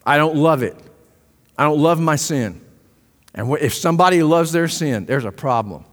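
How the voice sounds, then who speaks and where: A man preaching a sermon as pastor, impassioned, swinging between loud emphasis and hushed asides. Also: fairly high pitch, animated, normal speed. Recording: long hall reverb.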